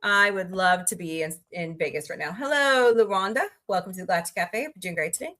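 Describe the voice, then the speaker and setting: A woman's voice: lowish voice, fairly quick, pushed and bright. A woman hosting a casual livestream, chatting, greeting viewers by name and rambling through asides. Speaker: livestream host.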